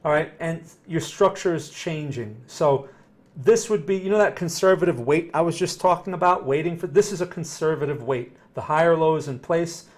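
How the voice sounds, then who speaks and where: Man, slightly high voice, casual chart talk, talks through his thinking, answers viewer questions. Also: moderate pace. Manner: conversational, thinking aloud while reading charts. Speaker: trading analyst host.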